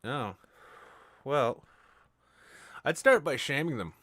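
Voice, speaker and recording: A man hosting a podcast, rambling through absurd deadpan comic riffs in casual chat. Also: mid-range voice, slow, no room sound, clean studio sound. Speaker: podcast host.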